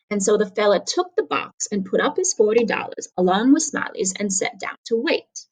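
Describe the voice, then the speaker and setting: A woman talks through a story casually and then reads it aloud. Her delivery is conversational and unhurried, and her pitch sits in the middle range. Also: animated, a little mellow, breathy edge, low-quality recording. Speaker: reader.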